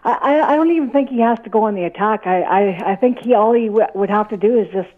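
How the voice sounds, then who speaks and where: A woman's voice: mid-range voice, fast talker. A woman calling in to a radio show, talking hesitantly and often restarting her words. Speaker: caller. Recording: tinny phone line.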